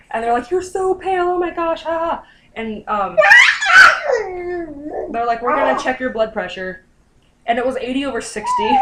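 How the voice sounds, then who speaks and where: A young woman vlogger with a mid-range voice casually tells her viewers a personal story, chatty and full of fillers, animatedly acting out what people said. The recording is very noisy.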